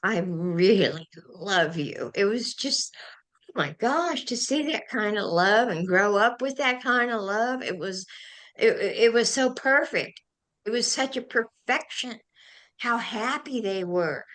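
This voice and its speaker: An older woman, a guest on a talk show, telling animated and emotional stories. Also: a little high, measured pace. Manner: animated, emotional storyteller who gets carried away. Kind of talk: anecdotal storytelling in a chat.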